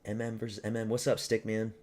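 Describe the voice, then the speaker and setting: A man's voice: on the low side, monotone, fast, darkish tone. A young man from Canada chatting casually on a live stream, rambling and crude, mocking fighters and talking to his chat.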